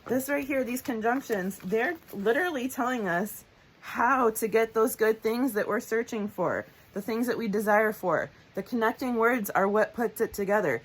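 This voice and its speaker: A woman's voice: mid-range voice, animated, normal speed, fairly bright tone, rough recording. A woman tutor giving a casual, upbeat grammar lesson, often correcting herself as she goes. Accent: Southern American. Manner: chatty, upbeat, self-correcting. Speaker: homeschool tutor. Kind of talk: recorded grammar lesson with scripture reading.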